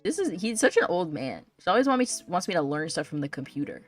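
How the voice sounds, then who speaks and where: A woman's voice: lowish voice, big pitch swings, fast, soft background music. A woman chatting casually while streaming a video game, giggly and talkative. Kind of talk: casual gameplay chat.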